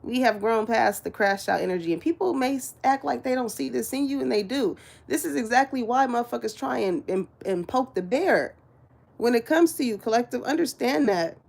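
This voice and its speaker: A woman's voice: a little high, vocal fry. A woman giving a casual, chatty spiritual reading to her viewers, laughing often and swearing freely. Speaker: spiritual reader.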